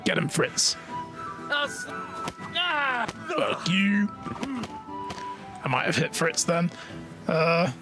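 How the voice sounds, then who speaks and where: A man's voice: a little high, very slow, vocal fry, long pauses, music in the background. A man doing rowdy, joking live gameplay commentary, swearing and cheering. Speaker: game streamer.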